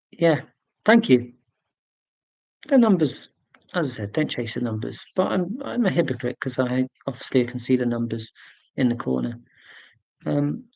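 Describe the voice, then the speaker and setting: A man's voice: medium pitch, vocal fry, a little mellow, dry recording. Man rambling on a dry live stream. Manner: rambling and self-deprecating, with many fillers; reads out and answers viewer comments. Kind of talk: casual live-stream chat.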